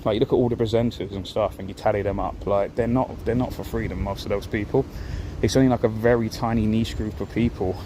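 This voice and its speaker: Ranting man on a windy street. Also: on the low side. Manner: ranting, rambling, repeats himself. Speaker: livestreamer. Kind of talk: outdoor livestream commentary. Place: outdoors on a city street. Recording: wind noise and traffic outdoors.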